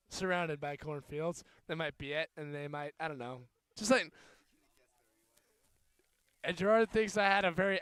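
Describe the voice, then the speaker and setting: A young man calling an amateur rugby game play-by-play, joking between plays and getting louder on big runs. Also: high-pitched, smooth, dry recording. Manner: jokey, rising to excited shouts on big plays. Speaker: student play-by-play commentator. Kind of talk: amateur sports commentary.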